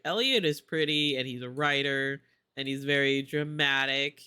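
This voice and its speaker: A man's voice: a little high, moderate pace, sharp tone, clear, resonant tone. A man streaming a game, chatting casually with playful, gushing asides. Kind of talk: casual gameplay commentary.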